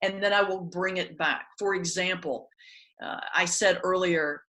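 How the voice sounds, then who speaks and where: A woman, a pastor and stand-up comedian, teaching in a conversational webinar talk with animated storytelling and comic timing. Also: on the low side, a little slow, poor audio. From Southern United States.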